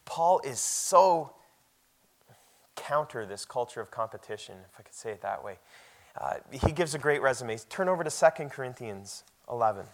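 A man preaching a sermon in a conversational way, often repeating words and growing much louder and higher when he reads scripture aloud. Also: lively intonation, normal speed.

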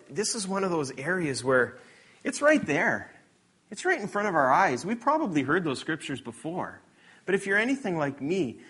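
A man delivers a sermon in a voice that sits a little high for a man. He reads scripture with lively, sarcastic emphasis and then drops to quiet, conversational asides to the congregation. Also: breathy edge. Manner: animated, shifting between loud emphatic reading and quiet asides. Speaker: preacher.

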